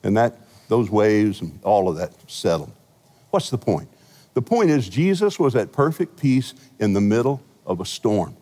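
A male senior pastor preaches a sermon in a large church sanctuary, telling stories with humor and big swings in loudness. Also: on the low side, sing-song, measured pace, in a large hall.

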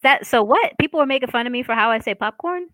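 A woman's voice: sits high, lively intonation, fast, bright, forceful tone, no room sound. A woman from Boston hosting a podcast in casual chat, playful and laughing often. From Boston, Massachusetts. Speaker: podcast host.

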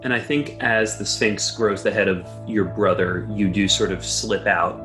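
Low-voiced man running a game. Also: fairly even intonation, unhurried, music in the background. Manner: descriptive, prompts players with open questions. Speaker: game master. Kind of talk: narrating a tabletop horror game.

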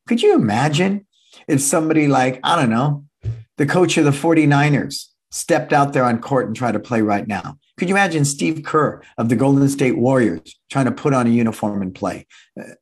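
A man of sixty with a husky, slightly rough voice delivers a motivational business talk to fellow martial arts school owners. He talks with energy and punch, repeats his key lines for emphasis, and now and then acts out other people's voices. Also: medium pitch. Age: 60s.

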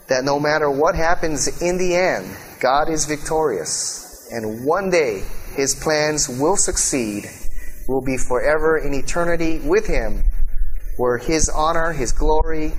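Male host preaching casually but earnestly, middle-pitched voice, light noise behind. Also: poor audio. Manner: earnest, conversational preaching with frequent "you know" asides. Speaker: host and Bible teacher. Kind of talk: sermon-style teaching talk.

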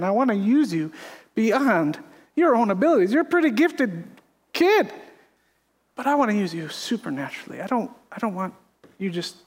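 A man voicing a gentle fatherly God, softly. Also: sits high. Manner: soft, intimate, coaxing. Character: gentle fatherly male God speaking tenderly. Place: church sanctuary. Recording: echoey hall reverb.

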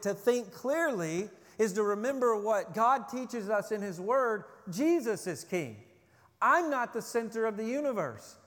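A man who is a pastor preaching a sermon, urgent and loud on his warnings, then dropping low and quiet when he asks questions. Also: in a large hall.

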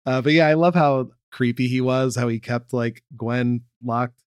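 A young man co-hosting a casual chat, laid-back and quick to laugh. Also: mid-range voice, smooth, no room sound, studio quality. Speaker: podcast co-host.

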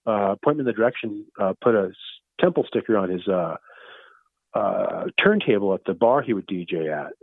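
A rambling, excitable man in his fifties talks loosely over a tinny phone line. His voice sits a little low, and the call sounds dry and close. He drifts from thought to thought with easy enthusiasm. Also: brisk, no echo. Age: 50s. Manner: rambling, loose and excited, keeps saying "you know" and "far out". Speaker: guest, founder of a fun-based religion. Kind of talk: casual phone interview.

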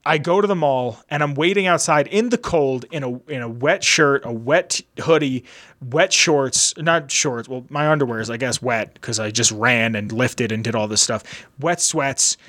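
A man's voice: medium pitch, moderate pace. A young man hosting a podcast, telling a long casual story in a rambling way, full of "like" and acted-out dialogue. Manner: rambling, animated retelling with lots of "like" and quoted dialogue. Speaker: podcast host.

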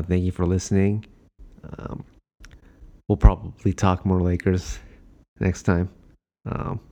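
A man's voice: deep voice, warm tone. A young man hosting a podcast, chatting casually with plenty of fillers. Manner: laid-back, chatty with many fillers. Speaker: podcast host. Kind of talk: casual chat.

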